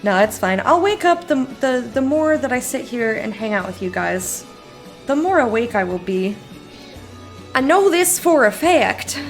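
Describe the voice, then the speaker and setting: Sleepy streamer girl, kinda high voice, laughs a lot, chats with viewers, quiet music behind. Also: animated, moderate pace. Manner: giggly, rambling, reads chat aloud. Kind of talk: casual live-stream chat.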